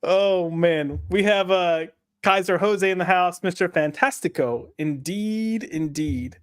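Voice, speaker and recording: Guy hosting a pop culture podcast, kinda high voice, rambles and says uh a lot. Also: slow pace, smooth. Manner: loose, rambling, frequent fillers. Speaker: podcast host. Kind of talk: casual chat, reading live chat comments.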